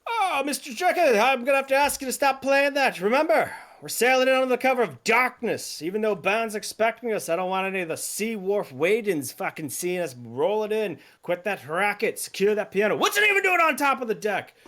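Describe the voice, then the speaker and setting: A man's voice: sits high, big pitch swings, a little fast, few pauses, voice pushed up. A man doing a stern barking ship's officer. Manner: sharp and commanding.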